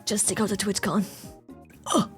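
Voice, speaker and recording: A woman from Germany chatting casually on stream, telling stories in an excitable, animated way and swearing freely. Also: mid-range voice, normal speed, soft background music. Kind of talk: casual chat.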